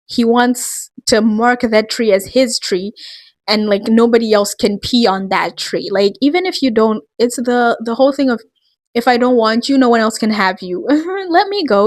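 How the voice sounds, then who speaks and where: A woman's voice: a little high, no echo. A woman vlogger ranting in a casual, rambling, exasperated way, full of fillers. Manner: rambling, exasperated, heavy use of "like".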